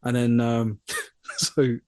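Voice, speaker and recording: A man's voice: mid-range voice, very slow, no room sound, studio quality. A young man co-hosting a podcast, casually telling a funny work story and acting out the people in it. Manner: animated storyteller, mimics voices in quotes. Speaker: podcast co-host.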